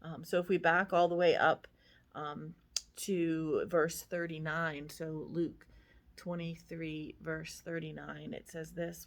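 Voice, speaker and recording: A middle-aged woman pastor with a somewhat low voice shares a devotional reflection. She talks in a loose, conversational way, full of fillers and friendly asides. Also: little pitch movement, slow pace.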